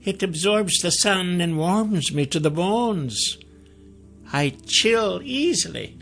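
A man voicing a tall, mysterious woman in black robes who is over a hundred years old, warm and soothing. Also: high voice, very animated, slow, creaky, faint music behind, pitched above the performer's own voice, exaggerated voice. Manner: gentle, coaxing.

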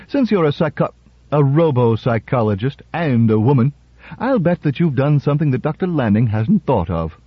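Man playing a wry confident lawyer, slightly raised voice, husky, dull dry radio sound. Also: mid-range voice, very animated, normal speed, dry recording, pitched above the performer's own voice. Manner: wry, self-assured, gently teasing. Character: smooth, confident male lawyer politician. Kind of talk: radio story reading.

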